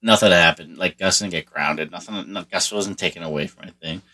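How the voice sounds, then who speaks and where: A deep-voiced middle-aged man. His tone is bright and forceful. He tells a story from his past in a loose, profane ramble, full of fillers and restarts. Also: fairly quick. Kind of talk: casual storytelling monologue.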